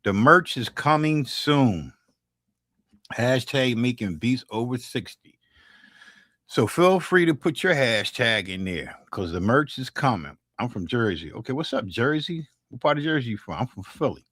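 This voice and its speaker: Hosting a beat-making livestream, this man from North Philadelphia, in his 60s, speaks in an expressive mid-range voice at a moderate pace with a bit of brightness. He jokes, swears freely, and keeps restarting his sentences as he talks casually with viewers. The sound is dry and clean, like a studio.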